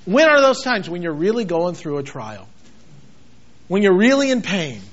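A man preaching a sermon as a pastor, swinging from loud, emphatic outbursts to quiet, intense passages. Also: high voice, sing-song, moderate pace. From United States. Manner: dramatic, shifts between shouting and quiet intensity. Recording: dull lo-fi sound.

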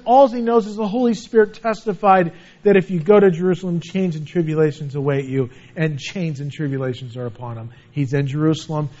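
High-voiced earnest preacher, lo-fi. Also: male voice, darkish tone. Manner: earnest, reads scripture aloud and explains it. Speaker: pastor. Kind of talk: sermon.

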